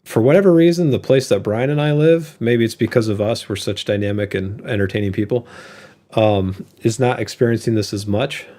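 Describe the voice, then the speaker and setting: Low-voiced man co-hosting a casual chat. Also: brisk, mellow. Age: 40s. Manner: conversational, reads and comments on charts with fillers. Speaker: co-host.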